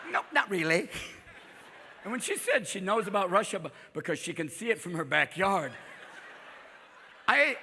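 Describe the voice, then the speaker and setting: A man doing a live stand-up set, manic and profane, jumping in and out of quick impressions. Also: sits high, creaky. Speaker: stand-up comedian. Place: on stage before a live audience. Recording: live crowd laughter, noisy hall.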